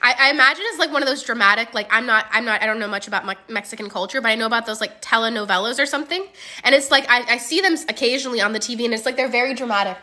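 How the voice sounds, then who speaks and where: A woman coach hosting a casual interview, chatty and frank with quick asides. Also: on the high side, sharp tone. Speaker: manifestation coach, host.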